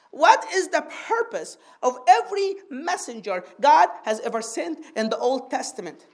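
A woman with a high, bright-pitched voice preaches a sermon to her congregation. She teaches patiently and keeps asking for an amen. She slows down and stretches out the phrases she wants to stress. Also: sing-song. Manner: draws out key phrases slowly for emphasis.

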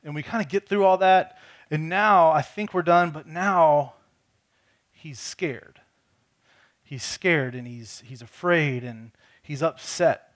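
A man's voice: a little high, unhurried, fairly bright tone. A man preaching a conversational sermon, telling a personal story earnestly and often repeating words as he restarts his sentences. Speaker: pastor.

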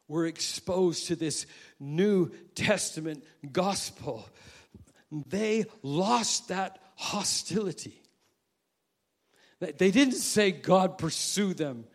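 Slow-speaking male preacher, higher voice. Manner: dramatic swings from soft asides to loud emphatic quoting. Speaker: pastor. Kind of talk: sermon.

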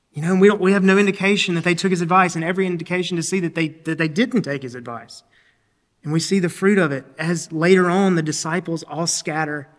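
A man preaching a sermon as a pastor. He speaks earnestly, often repeats or restarts his words, and clears his throat from time to time. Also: a little high, a bit bright, in a large hall.

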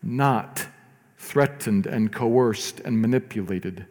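A man preaching a sermon as pastor, earnest, rising to emphatic lines and dropping to soft, slow ones. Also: lowish voice, in a large hall.

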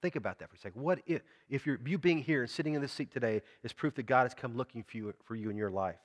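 With a long reverb tail behind him, a pastor preaches a church sermon at a fast clip in a mid-range voice. He keeps it conversational, questioning the congregation as he goes.

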